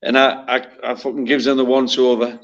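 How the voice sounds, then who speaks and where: A man's voice: medium pitch, level tone, brisk. Sweary man spinning yarns. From North East England. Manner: profane, blunt storytelling. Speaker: former footballer telling stories. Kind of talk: casual chat. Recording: slightly muffled lo-fi sound.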